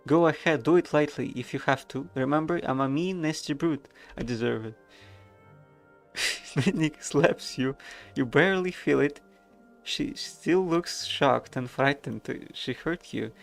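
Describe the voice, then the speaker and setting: A man's voice: on the high side, a little slow, vocal fry, soft background music. A man streaming a video game, reading the narration aloud with wry, casual asides.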